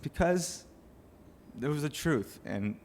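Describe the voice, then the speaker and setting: A man's voice: fairly high pitch, animated, slow, noisy background. A young man, a cancer survivor, giving an earnest and emotional speech to an audience at a charity event. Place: banquet room with an audience.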